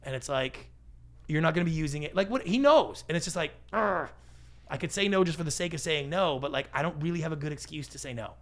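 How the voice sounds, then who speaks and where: A middle-aged man talking casually as a podcast guest, animated and acting out what other people say. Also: fairly high pitch, fast talker. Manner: animated, acts out quoted voices. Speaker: guest, pitch expert. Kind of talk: podcast interview.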